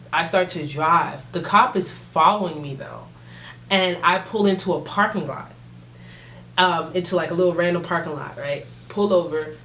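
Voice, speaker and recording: A young adult woman vlogger telling a casual story time, animated and full of slang and swearing. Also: fairly low pitch, a little hiss or hum. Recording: roomy echo.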